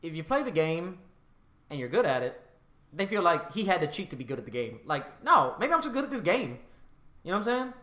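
A man's voice: a little high, sing-song, brisk, fairly bright tone. Bold, profane Southern man in an echoey room. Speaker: podcast host. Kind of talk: casual chat.

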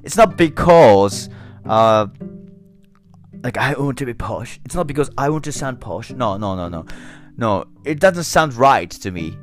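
A man's voice: medium pitch, animated, measured pace, faint music behind. A man with a Japanese accent talking in a casual monologue, careful and hesitant, often restarting words. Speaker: podcast host.

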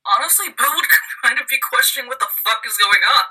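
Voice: sits high, fast, bright, forceful tone, breathy edge. A player in a tabletop game over voice chat, casual and giggly. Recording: tinny phone line, distant from the mic.

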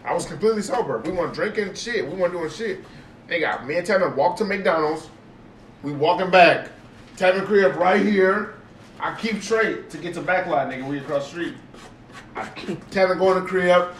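An animated young man, telling a story to friends with swearing and constant emphatic repetition. He sits back from the mic in an echoey room with faint noise behind him. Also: high voice, normal speed, far from the mic. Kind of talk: casual storytelling among friends.

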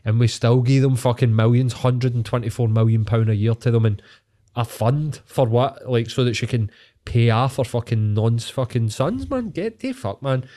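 A man's voice: medium pitch, moderate pace, warm tone. Swearing Scottish man ranting. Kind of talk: casual podcast chat.

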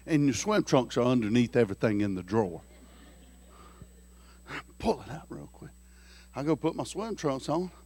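A man preaching a sermon through folksy, joking stories, animated and lively. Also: medium pitch, normal speed, long pauses, slight background noise. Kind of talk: storytelling sermon.

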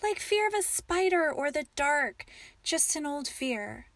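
A woman reading the lines of a gentle, patient farmer husband who softly soothes his wife. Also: high-pitched, sing-song, a little slow, no echo, pitched above the performer's own voice, heavily acted. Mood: soothing.

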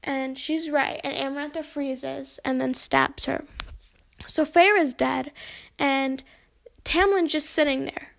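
High-pitched young woman with vocal fry. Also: steady tone, takes it slowly. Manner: chatty retelling, acts out quoted lines. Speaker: book discussion host. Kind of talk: casual plot recap.

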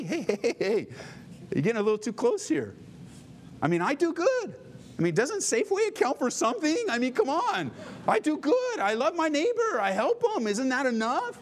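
A self-satisfied churchgoer, a grown man, whines and boasts in a raised, pleading voice about his own goodness, as a preacher acts him out. The voice sits well above the preacher's own, lively and insistent, in a church sermon. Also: sits high, a little hiss or hum, voice pushed up. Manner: whiny, pleading, self-congratulating.

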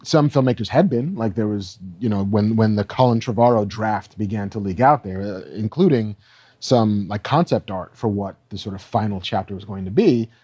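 A man co-hosting a podcast, talking through entertainment news in a relaxed, conversational way. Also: fairly low pitch, moderate pace, slightly rough, no echo. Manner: relaxed, conversational, fond of reading quotes aloud. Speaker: podcast co-host. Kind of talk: casual entertainment news chat.

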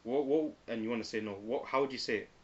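A young man in casual banter, animated and slangy, often slipping into quoted voices. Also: mid-range voice. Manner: quick and animated, slangy, breaks into put-on quotes. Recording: slightly dull recording with faint hiss.

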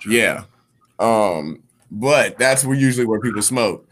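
A man with a fairly low voice spins a loose, slangy backstage story as a podcast guest. He talks in casual chat and keeps acting out the people he quotes. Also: expressive, unhurried, fairly bright tone, slight background noise. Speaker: comedian guest.

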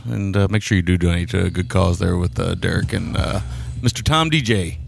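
A man's voice: low-pitched, brisk, vocal fry, slight background noise. A man co-hosting a casual film chat podcast, rambling, chuckling and tripping over foreign names. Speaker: podcast co-host.

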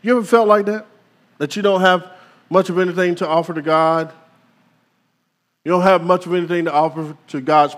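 A male pastor preaching a sermon, calling out to the congregation with dramatic pauses. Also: a little high, long reverb tail.

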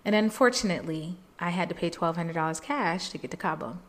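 Woman telling an emotional story, lowish. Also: fairly quick. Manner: emotional, animated retelling, jumps high when quoting people; faith-filled, earnest. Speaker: podcast host. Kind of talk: personal storytelling.

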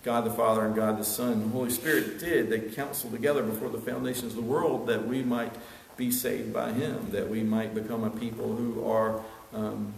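A man preaching a sermon earnestly, building to emphatic peaks and then dropping quiet. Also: fairly low pitch, level tone, brisk, vocal fry, a little hiss or hum. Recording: echoey hall with long reverb, faint ambience.

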